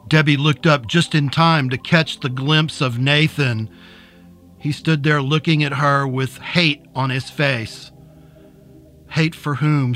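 A man narrating a dark serial story in a measured, deliberate way, and hosting the episode. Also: medium pitch. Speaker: narrator and host.

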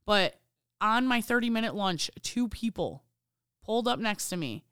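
A woman's voice: medium pitch, lively intonation, moderate pace, a bit bright, smooth, no room sound, studio quality. A woman talking casually as a guest about her merchandising job, swearing freely and telling stories with energy. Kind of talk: casual chat.

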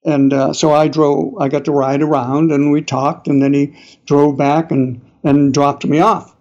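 Being interviewed, an older New England-accented author tells long, wandering stories, stumbling over plenty of uhs and restarts. His voice is fairly high, a little mellow, flat in delivery and unhurried. The audio is dull and lo-fi.

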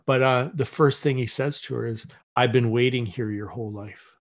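Animated man telling a story. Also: medium pitch, normal speed. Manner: animated, acts out quoted voices, many restarts. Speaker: podcast guest. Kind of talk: casual conversational storytelling.

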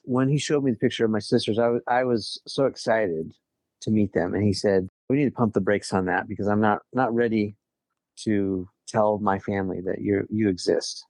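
A man's voice: on the low side, steady tone, normal speed, a little mellow, no room sound. A middle-aged man telling a personal story in casual conversation, earnest, often restarting his sentences. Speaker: guest.

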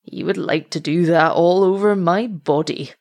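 A man's voice: high-pitched, normal speed, darkish tone. A woman reading a coarse, mocking rogue. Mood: taunting. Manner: mocking, taunting. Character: coarse, vulgar small older male rogue.

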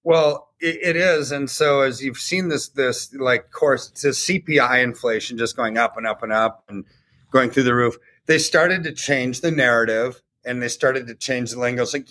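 A podcast co-host with a mid-range, pushed and bright voice talks at a moderate pace. He explains economics on a talk show in a casual, conversational way, checking in often with rhetorical "right?" tags.

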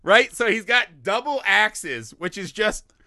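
Animated high-voiced man, bright and dry. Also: takes it slowly, dry recording. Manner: animated, laughing, acts out movie lines. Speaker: podcast co-host. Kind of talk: casual film-review chat.

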